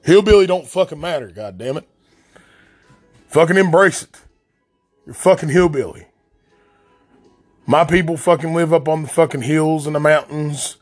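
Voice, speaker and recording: Faint music plays behind a fairly high-pitched man who speaks at a moderate pace and pauses often. Hosting his podcast alone, this coal-fields native of southern West Virginia rants bluntly and angrily in an Appalachian accent, with plenty of profanity.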